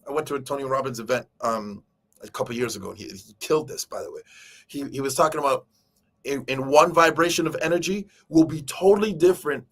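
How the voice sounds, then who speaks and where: Man chatting casually to viewers. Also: mid-range voice. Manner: animated, addresses viewers directly, acts out quoted speech. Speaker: show host. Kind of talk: casual live-stream book talk.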